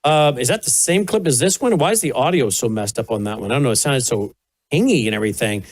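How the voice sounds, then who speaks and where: A man's voice: mid-range voice, lively intonation, fast talker. A man hosting a talk show, chatting casually and thinking aloud as he introduces and reacts to clips. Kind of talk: casual commentary.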